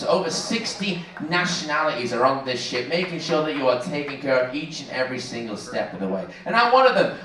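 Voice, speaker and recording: A man with a Manchester accent hosting a cruise ship show on stage, teasing the audience with jokes. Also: a little high. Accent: Manchester English. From England. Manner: joking, teasing, lively showman. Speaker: cruise director. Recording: echoey theater heard from far off over crowd noise. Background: audience cheering and laughing.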